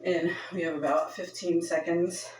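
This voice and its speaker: A woman's voice: fairly low pitch, little pitch movement, normal speed, a little mellow, slight background noise. A woman leading a home workout, counting reps aloud in a chatty, offhand way and sounding winded. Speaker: fitness instructor. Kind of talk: casual workout instruction. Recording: echoey room from far off.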